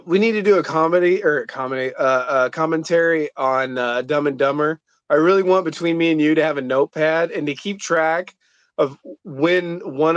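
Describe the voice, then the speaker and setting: A man's voice: a little high, dry recording, highs cut off. A man co-hosting a casual movie commentary chat, rambling with lots of fillers. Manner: rambling, lots of likes and uhs. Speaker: podcast co-host.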